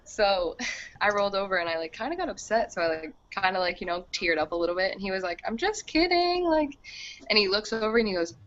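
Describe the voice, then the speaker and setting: A woman's voice: mid-range voice, fast, fairly bright tone. A young woman telling a long personal story on a video call, rambling and chatty, with lots of "like". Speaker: group member. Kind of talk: casual video chat. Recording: dull lo-fi video call audio.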